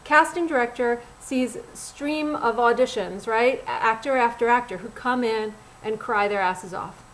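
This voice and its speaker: A middle-aged woman speaks as a casting director coaching actors, her voice sitting a little high. She is blunt and animated, talking casually straight to the listener. A faint ambient hum sits behind her. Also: measured pace, poor audio. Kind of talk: direct-to-camera acting tips. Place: Los Angeles.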